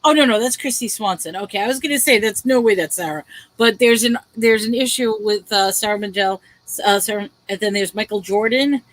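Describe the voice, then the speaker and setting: A woman's voice: medium pitch, fairly quick, rough recording. A woman hosting a casual live-stream book sale, chatty, reading back-cover blurbs aloud with drama and laughing often.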